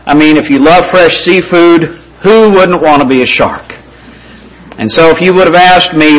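A male pastor preaching a sermon in an earnest, conversational way, slowing down and softening on scripture and key points. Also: a little high, rough recording.

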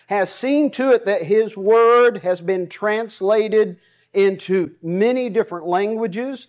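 A man with a Southern US accent preaching a sermon as pastor, folksy and emphatic, with self-deprecating asides. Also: high voice.

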